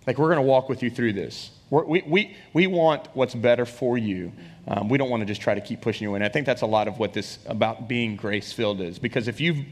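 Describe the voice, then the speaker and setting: Man preaching in a reverberant church. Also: medium pitch. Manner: storytelling, shouts names in quoted scenes. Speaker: pastor. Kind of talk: sermon. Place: church hall. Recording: long hall reverb from a church.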